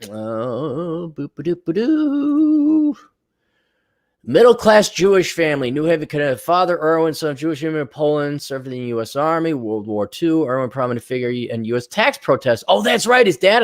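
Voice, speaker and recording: A man giving crude, sarcastic, rambling commentary as a vlog host. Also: on the high side. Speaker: vlogger and consultant.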